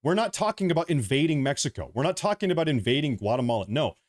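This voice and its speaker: A man's voice: a little high, very animated, fast. Heated man ranting on a livestream. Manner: heated, ranting, then apologetic. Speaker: livestream host. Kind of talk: political livestream commentary.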